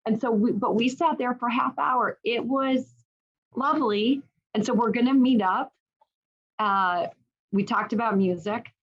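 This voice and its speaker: A middle-aged woman, a guest, telling a personal story in a lively, animated way with many restarts. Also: on the high side, measured pace. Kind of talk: casual storytelling in an interview. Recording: dull lo-fi sound.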